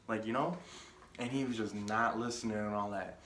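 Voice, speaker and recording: A man's voice: mid-range voice, steady tone, fairly quick, fairly bright tone, roomy sound, slight background noise. A young man telling a casual story on his vlog, rambling with lots of filler words and restarts. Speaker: vlogger.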